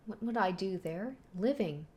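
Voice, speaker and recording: A woman's voice: mid-range voice, lively intonation, normal speed, darkish tone, close to an everyday voice. A woman voicing a remorseful young female witch in a subdued, resigned manner, reading manga dialogue aloud.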